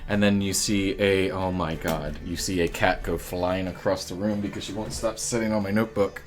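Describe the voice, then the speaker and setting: A man narrating a tabletop game as dungeon master, in a slow, lively way with many pauses. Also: deep voice, faint music behind.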